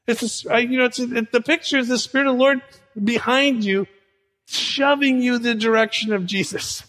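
A male pastor preaching a sermon in an animated way, acting out conversations as he teaches. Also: extremely high pitch, a little fast, long reverb tail. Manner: animated preaching, acts out dialogue with Jesus.

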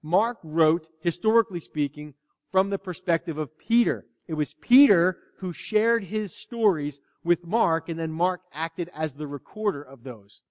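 A man preaching a sermon as pastor, animated, dropping to a hush and acting out quoted lines. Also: on the high side, measured pace. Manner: animated, swings from loud to hushed, acts out quotes. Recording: long hall reverb.

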